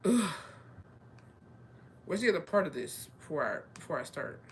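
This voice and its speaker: A young woman casually telling a scary story, animated and slangy, swearing and slipping into Spanish now and then. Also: low-pitched, fast, slight background noise. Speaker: storyteller vlogger.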